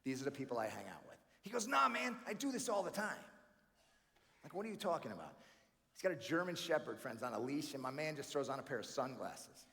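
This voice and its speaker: A man from New York doing energetic, chatty stand-up comedy as a banquet keynote, often calling the crowd friends and man. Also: medium pitch, quick pace. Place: large banquet hall. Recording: live hall reverb with faint room noise.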